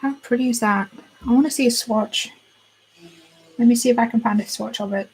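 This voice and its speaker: Chatty woman with a husky voice. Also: fairly high pitch, brisk, darkish tone, rough recording. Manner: chatty, gushing, thinks aloud while browsing. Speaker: beauty channel host. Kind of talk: casual chat.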